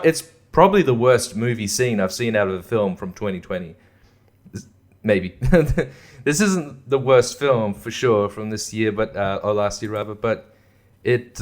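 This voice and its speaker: A young man hosting a podcast, ranting casually about films in a profane, sarcastic way and laughing often. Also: medium pitch. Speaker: podcast host. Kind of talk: casual rant.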